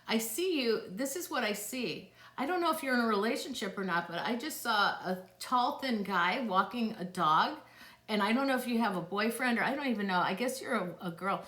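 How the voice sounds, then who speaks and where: A woman's voice: fairly high pitch, expressive, a little fast, a bit bright. Bubbly middle-aged woman, echoey room. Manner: bubbly and gushing, gasps and laughs often. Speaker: psychic host answering live questions. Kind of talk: casual live-stream chat. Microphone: phone or tablet.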